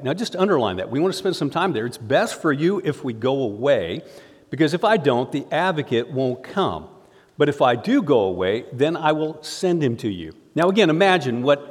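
Earnest pastor preaching in a reverberant hall. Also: male voice, mid-range voice. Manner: earnest, builds to emphatic rises. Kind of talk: sermon.

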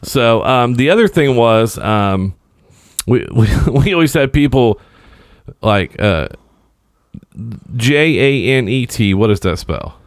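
A man tells customer-complaint stories in casual chat with a deadpan delivery, stammering as he quotes himself. His voice is mid-pitched and recorded dry and close. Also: slow pace, dry recording.

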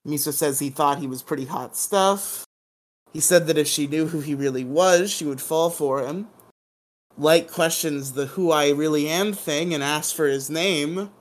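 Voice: mid-range voice, unhurried. A podcast co-host giving a casual, playful recap of a drama episode, humming dramatic sound effects and laughing along the way.

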